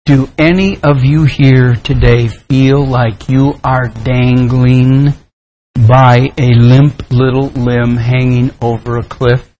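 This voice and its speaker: A man pastor preaching a sermon, praying and telling a story in an earnest, deliberate way. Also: mid-range voice, steady tone, a little mellow, poor audio. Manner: slow, deliberate, earnest delivery.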